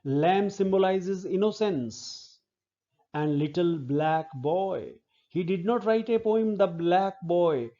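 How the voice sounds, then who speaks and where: Slow, repetitive male literature lecturer. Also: high voice, a little mellow, highs cut off. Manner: slow, repeats words, explains step by step. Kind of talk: lecture explaining a poem.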